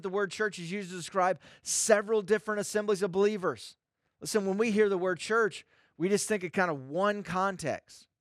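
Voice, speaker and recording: Pastor guy preaching, high voice, repeats stuff for emphasis, dry close mic. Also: no echo. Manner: emphatic, repeats phrases for stress. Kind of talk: sermon.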